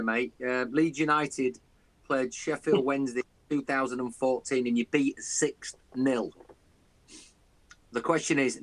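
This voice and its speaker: A man's voice: mid-range voice, fairly bright tone, rough recording. A man on a video call hosting a quiz, asking questions with friendly, teasing banter. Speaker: quiz host.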